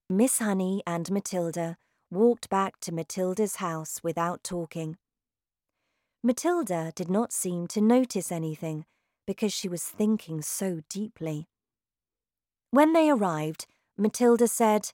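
A woman narrating a graded-reader audiobook, reading clearly and carefully, one word at a time. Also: fairly low pitch, a little slow, dark tone, no echo, studio quality.

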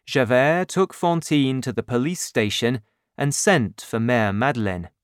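A man narrating an audiobook chapter in a slow, clear and expressive way. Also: medium pitch, no echo, clean studio sound.

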